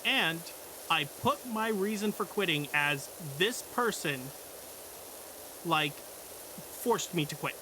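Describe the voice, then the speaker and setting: A man's voice: high voice, lively intonation, slow pace, long pauses, bright, forceful tone, slight background noise. A young man streaming, telling a work story in a blunt, profane, exasperated way. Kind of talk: casual storytelling.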